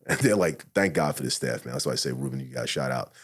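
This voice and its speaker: Husky, fast-talking profane man. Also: extremely low pitch. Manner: profane, animated, retells his own thoughts as quotes. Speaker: podcast guest, retired SWAT officer. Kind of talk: candid storytelling in a podcast interview.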